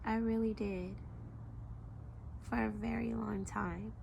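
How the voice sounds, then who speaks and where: A young woman talking slowly and emotionally in a personal confessional vlog, reflective, with soft pauses. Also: medium pitch, steady tone, vocal fry, dull audio, slight background noise. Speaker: vlogger.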